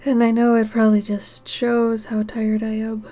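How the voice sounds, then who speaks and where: A tired woman chatting casually with viewers while she draws on a livestream, soft-spoken and often dropping into half-whispered asides. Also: a little high, completely flat delivery, normal speed. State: tired, yawning. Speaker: art livestreamer. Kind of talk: casual chat while drawing on stream.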